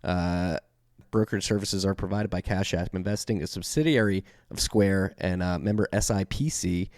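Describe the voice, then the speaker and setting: A man's voice: low voice, normal speed, darkish tone, no echo, clean studio sound. A man with a Philadelphia accent hosting a podcast, reading the intro and the sponsor spots in a loose, off-the-cuff way with many fillers and self-corrections. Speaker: podcast host. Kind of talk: casual podcast intro and ad reads.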